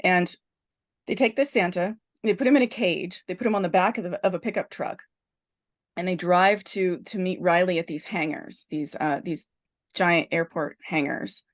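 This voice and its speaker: A woman podcast host in casual chat, retelling a film plot as an animated storyteller full of restarts. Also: on the low side, normal speed.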